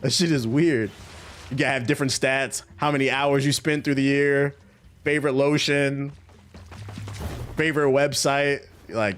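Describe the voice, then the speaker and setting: A man's voice: medium pitch, steady tone, normal speed, a bit bright. A man streaming a game and chatting casually with viewers in a joking, profane, rambling way. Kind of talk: casual chat while gaming.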